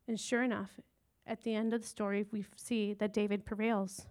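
A woman's voice: mid-range voice, little pitch movement, a little fast, a little mellow. A woman teaching a casual Bible lesson, retelling a story in a chatty, informal way with slang asides.

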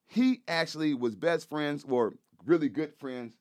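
A man's voice: on the high side, a little slow. A man talking as a guest on a casual podcast, emphatic and profane, who repeats points and keeps checking in with "you know what I'm saying". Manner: profane, loose slangy delivery. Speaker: guest, rapper and activist.

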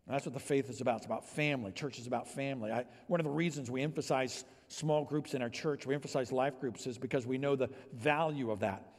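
A male pastor preaching a sermon, swinging from hushed, near-whispered passages to loud, emphatic ones. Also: medium pitch, fast, hardly any pauses, long reverb tail.

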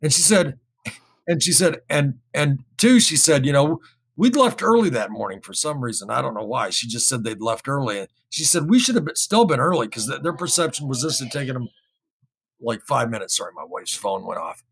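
A man telling a story in casual speech, rambling and repeating himself, getting animated when he quotes other people. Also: medium pitch, fairly quick, vocal fry, slightly rough. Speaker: guest recounting an experience.

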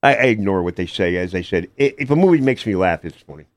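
An older man, an actor appearing as a guest on a casual radio interview, speaks haltingly, full of fillers and restarts. His voice is deep and expressive, and the recording is dry.

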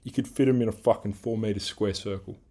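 A man with an Australian accent rants through a solo podcast segment. His voice sits low and dark, and he swears freely as he rambles through his grievances. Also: fairly even intonation, quick pace. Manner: angry, heavy swearing, rambling rant; self-described big guy who coaches team training. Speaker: podcast host. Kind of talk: solo ranting monologue.

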